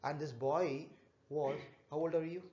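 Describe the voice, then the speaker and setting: A man's voice: on the high side, steady tone, warm tone. Man telling scripture stories to children. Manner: halting, repetitive storytelling with fillers, asks the children questions. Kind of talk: storytelling class for children. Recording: echoey, dull room recording.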